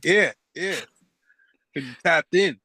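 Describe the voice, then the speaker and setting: A man, a hip hop artist, talking as a guest in a casual conversation, loose and expressive, swearing and laughing often. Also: fairly high pitch, takes it slowly, slightly rough, no room sound.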